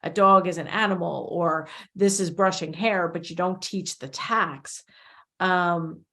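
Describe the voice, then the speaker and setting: A woman's voice: lowish voice, fairly even intonation, a little slow, pushed and bright. Chatty middle-aged woman hosting. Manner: rambling, self-correcting, chatty. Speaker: podcast host, behavior analyst. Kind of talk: conversational interview.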